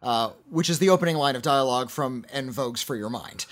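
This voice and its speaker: A man's voice: medium pitch, brisk, fairly bright tone. A middle-aged man co-hosting a podcast, reading listener letters and rambling casually with restarts. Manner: rambling, self-correcting, quoting movie lines. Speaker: podcast co-host.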